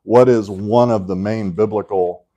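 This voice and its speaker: A man with a deep, warm voice teaches a Sunday school class in an easygoing, chatty manner. He keeps checking in with his listeners and slips in wry jokes as he goes. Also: fairly even intonation, unhurried. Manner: conversational, often checks in with "right?"; joking asides to the class. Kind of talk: casual Bible class teaching.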